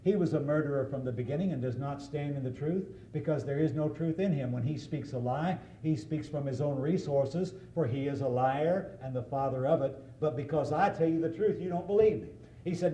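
A man's voice: fairly high pitch, fairly quick, dark tone, reverberant, dull audio. A man preaching a sermon, reading scripture aloud and explaining it in an earnest, emphatic way.

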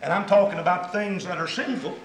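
A man's voice: high-pitched, fairly even intonation, brisk, reverberant, background noise. A man preaching a sermon, emphatic and folksy, mixing scripture with homespun stories.

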